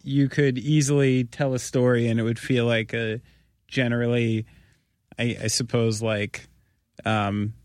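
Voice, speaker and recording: A man's voice: mid-range voice, level tone, measured pace, no room sound, clean studio sound. A man hosting a podcast in casual chat, rambling with lots of restarts and fillers. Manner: rambling, full of likes and restarts, swearing. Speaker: podcast host.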